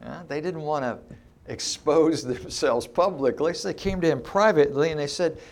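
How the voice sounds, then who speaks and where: A man's voice: fairly high pitch, normal speed, vocal fry. A middle-aged man preaching an expository sermon, teaching emphatically and asking rhetorical questions of his listeners.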